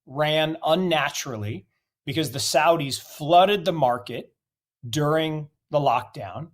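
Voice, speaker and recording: Middle-aged man, interview guest, slightly high voice, blunt, emphatic, rhetorical questions. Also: a little slow. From United States. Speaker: investment guest. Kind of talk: interview answers.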